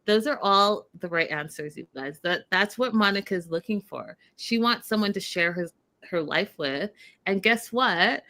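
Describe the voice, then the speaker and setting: A woman hosting a casual recap of a reality show, animated and talking straight to her viewers. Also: medium pitch, moderate pace. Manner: animated, addresses viewers directly. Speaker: show host.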